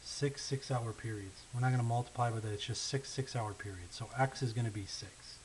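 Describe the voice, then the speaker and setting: A man teaching a math lesson, walking through word problems step by step, often checking in with "okay?" and slowing down on the key numbers. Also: mid-range voice, rough recording. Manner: patient, checks in with frequent "okay?" and "right?"; thinks aloud while writing, slows down on key numbers. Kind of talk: recorded lesson walkthrough. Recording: faint hiss.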